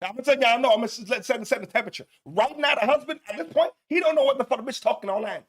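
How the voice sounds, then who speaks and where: Loud, profane high-voiced man ranting. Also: rapid-fire. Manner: loud, animated, heavy cursing, repeats himself. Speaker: show host reacting to clips. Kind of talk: profane live reaction commentary.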